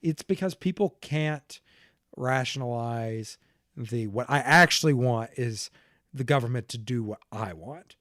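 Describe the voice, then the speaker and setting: A man's voice: medium pitch, unhurried, a bit bright, no echo, clean studio sound. A man hosting a podcast in casual political chat, laughing often and restarting his sentences. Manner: laughs often, restarts and trails off mid-thought. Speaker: podcast host.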